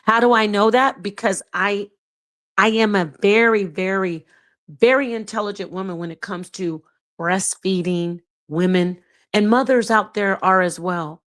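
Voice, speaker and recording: Middle-aged woman host, blunt and sassy, reads chat with animated outbursts. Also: medium pitch, a little slow. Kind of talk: livestream commentary reading chat.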